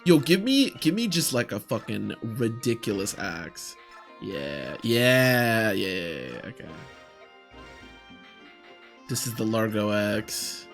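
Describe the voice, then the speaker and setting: A man's voice: lowish voice, big pitch swings, slow pace, a bit bright, soft background music. A young man commentating casually on his own game, rambling and talking to himself. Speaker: gaming streamer.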